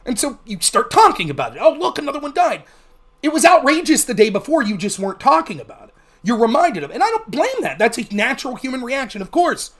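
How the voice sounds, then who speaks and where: High-voiced, heated male streamer. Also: huge pitch swings, fast, a bit bright. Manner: heated, sarcastic, profane ranting. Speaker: livestream host. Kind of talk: political commentary livestream.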